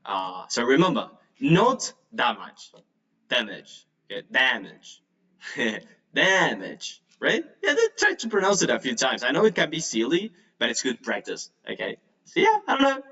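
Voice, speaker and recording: Guy teaching english, gravelly voice, kinda far from the mic. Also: on the high side, wildly swooping pitch, brisk, a bit bright, lo-fi sound. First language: Spanish. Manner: chatty, filler-heavy, laughs nervously. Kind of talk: casual online lesson. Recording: distant mic, degraded audio.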